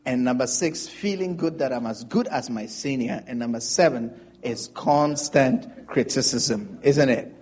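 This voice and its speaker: A man's voice: mid-range voice, measured pace, hardly any pauses, darkish tone, husky, lo-fi sound. A male pastor preaching a sermon, drawing call-and-response from the congregation.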